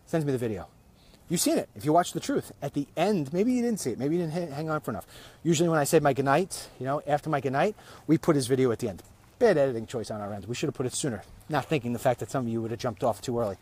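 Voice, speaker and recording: A man's voice: medium pitch, expressive, fast talker, darkish tone, husky. A man hosting a casual walk-and-talk vlog, rambling, often restarting and repeating his words as he goes. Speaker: vlog host. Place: walking outdoors.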